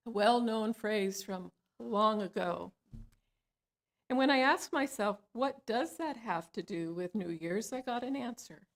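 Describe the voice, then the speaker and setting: A woman, a licensed spiritual practitioner, leading a guided meditation in a slow, soothing cadence in a church hall. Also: on the high side.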